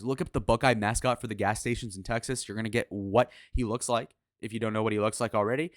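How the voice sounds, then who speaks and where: A man's voice: medium pitch, fairly bright tone, no room sound, studio quality. A man giving casual political commentary in a crude, sarcastic, opinionated way, with swearing.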